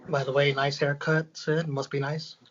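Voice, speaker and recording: A man co-hosting a casual roundtable, leading the review with upbeat, quick recaps. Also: a little high, flat delivery, fairly bright tone, lo-fi sound.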